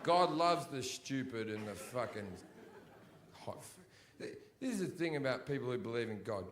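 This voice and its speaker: A man's voice: mid-range voice, expressive, moderate pace, a little hiss or hum. A man doing a stand-up routine on a comedy stage, blunt, profane and mocking. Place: comedy stage before a live audience.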